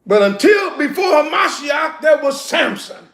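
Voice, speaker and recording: A man preaching a sermon in a loud, emphatic, laughing way, with slangy street talk, in an echoey room. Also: extremely high pitch, very animated, measured pace, faint music behind.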